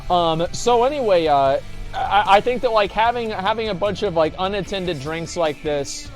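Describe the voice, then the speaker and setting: A man streaming live, chatting casually and rambling through a profane, animated story while reading donations. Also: high-pitched, normal speed. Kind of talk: casual livestream chat. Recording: faint music behind voice.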